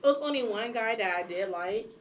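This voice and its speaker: A woman in her twenties co-hosting a casual podcast chat, talking quickly and animatedly, laughing often. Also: on the high side, expressive. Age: 20s. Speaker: podcast co-host.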